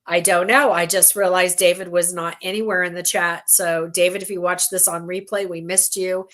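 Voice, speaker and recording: A woman's voice: on the low side, level tone, normal speed, a bit bright. A middle-aged woman hosts a casual craft livestream from home. She talks in a chatty, rambling way with frequent laughs and asides. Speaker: livestream host, bead weaver.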